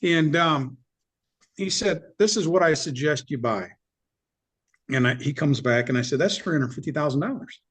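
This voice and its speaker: Middle-aged man guest, blunt, animated storyteller with a somewhat high pitch. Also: moderate pace, slightly rough. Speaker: business owner guest. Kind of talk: candid storytelling interview.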